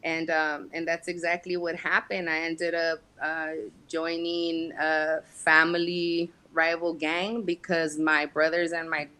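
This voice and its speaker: A woman guest in an interview, telling her life story frankly with streetwise slang and halting pauses. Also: low-pitched, pushed and bright, poor audio. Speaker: guest, casting company founder. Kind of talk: candid personal storytelling in interview.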